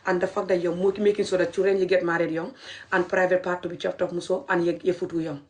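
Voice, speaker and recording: A woman's voice: on the low side, flat delivery, fast talker, slight background noise. A woman talking straight to her viewers in an impassioned commentary vlog. She mixes English with her local language, repeats phrases and keeps urging people to share. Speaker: video commentator.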